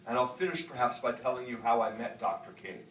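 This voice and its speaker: This middle-aged northern American author talks fast in a medium-pitched, slightly bright voice, telling students reflective stories with lots of "um" fillers during a university lecture and Q&A. The distant mic catches the hall's echo along with a little hiss or hum.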